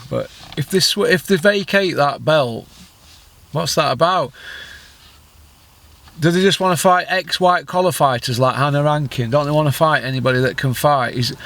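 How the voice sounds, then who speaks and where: A man's voice: on the high side, fairly bright tone. A man hosting a boxing vlog, giving blunt opinions with lots of rhetorical questions and mockery. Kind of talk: opinionated solo commentary.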